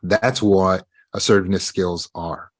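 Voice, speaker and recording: A man's voice: deep voice, fairly even intonation, measured pace. A man teaching a self-help lecture, emphatic, speaking straight to his students and acting out the lines of the people in his examples. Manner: emphatic, talks straight to his students, acts out quoted speech. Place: live online meeting.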